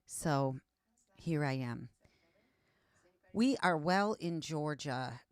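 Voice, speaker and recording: A woman's voice: deep voice, animated, extremely slow, clear, resonant tone. A woman hosting a casual livestream chat, chatty and laughing, restarting her sentences, on a close microphone with the stream audio doubling into an echo. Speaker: livestream host. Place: home studio in Georgia.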